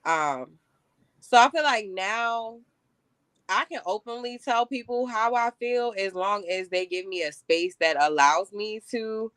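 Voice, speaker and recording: Young woman, candid casual chat, bright smooth voice, dry close mic. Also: mid-range voice, unhurried, no room sound. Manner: candid, casual, frequent "like" and "you know".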